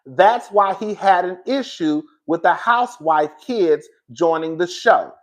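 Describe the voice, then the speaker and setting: In a casual commentary vlog, a reality TV commentator with a fairly high, expressive voice talks straight to his viewers at a slightly slow pace. He swears freely, rambles, restarts sentences, and drifts into asides before circling back to his point.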